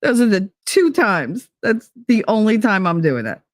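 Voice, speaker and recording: A woman's voice: mid-range voice, big pitch swings, normal speed, no echo, studio quality. A woman host, chatting casually with her live chat, bawdy and prone to giggling fits. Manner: giggly, frequent laughing fits, bawdy and loose. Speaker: livestream host reading chat.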